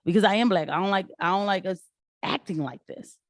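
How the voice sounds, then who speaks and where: A woman giving casual political commentary on her channel, animated and rising in pitch when she gets riled. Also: a little fast, no echo, clean studio sound.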